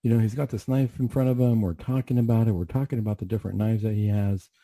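A middle-aged man, a clinician who hosts a talk radio show, earnestly retells a tense encounter with a patient, restarting his sentences often. His voice is fairly low and mellow, with little pitch movement, and he talks fast. There is no room sound.

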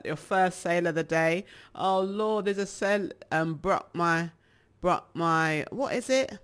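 A woman with a British accent, chatting casually to her viewers as a rambling, animated storyteller. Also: fairly low pitch, moderate pace, clear, resonant tone. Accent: British English. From England. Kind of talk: casual chat.

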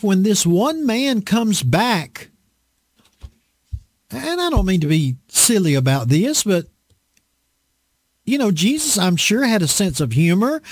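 Lively, folksy preacher man. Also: sits high, dry recording, studio quality. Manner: folksy, emphatic, repeats phrases for effect. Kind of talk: conversational sermon.

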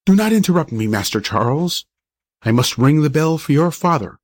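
A man's voice: on the high side, expressive, moderate pace. A man voicing a pompous, irritable old doctor who talks in a stern, lecturing way. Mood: scolding.

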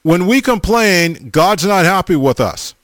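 A man's voice: high voice, animated, unhurried, a bit bright, no room sound, studio quality. A man in his forties preaching a sermon, emphatic, with stammering restarts and repeated calls to his listeners.

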